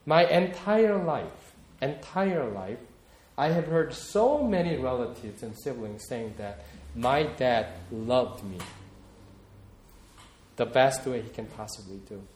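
A man's voice: medium pitch, sing-song, slow pace, darkish tone, roomy sound. A man preaching a sermon, talking in a reflective, personal way and often repeating words as he searches for them. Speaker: pastor.

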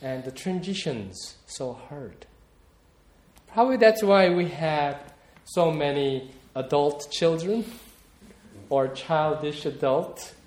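A man's voice: a little high, expressive, slow, a little mellow, echoey room. A man preaching a sermon, talking in a reflective, personal way and often repeating words as he searches for them. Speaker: pastor.

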